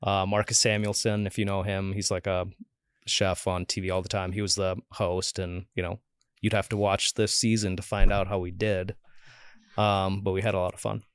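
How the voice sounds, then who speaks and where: A man in his forties speaks in a low, easygoing register as a podcast guest. He tells stories casually, slips into the voices of the people he quotes and leans on "like" as filler. The recording is close and dry, with no room sound. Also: level tone, moderate pace, clear, resonant tone, no echo. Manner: chatty, acts out quoted voices, many "like" fillers. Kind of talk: casual interview storytelling.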